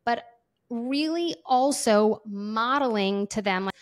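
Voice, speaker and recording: A woman's voice: fairly high pitch, slow pace. A woman talking casually about parenting, often acting out children's and parents' voices. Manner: animated, acts out kids' and parents' voices. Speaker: parenting guest. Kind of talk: casual conversational advice.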